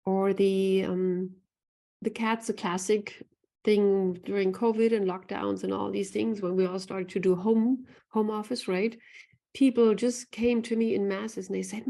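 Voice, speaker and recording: A woman with a gravelly, fry-tinged voice at an ordinary pitch talks earnestly to a live online audience. She repeats her points and checks in with "right?" as she goes. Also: fairly even intonation, measured pace, dark tone. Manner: earnest, repeats phrases, often asks "right?". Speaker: animal communicator. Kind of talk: live online talk with chat.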